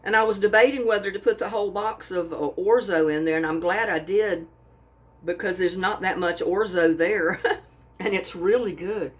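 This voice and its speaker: A woman's voice: on the low side, moderate pace. A woman hosting her own cooking channel, gushing in a folksy way as she tastes her food. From Texas. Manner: folksy, gushing, says y'all a lot. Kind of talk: casual cooking vlog, taste-testing.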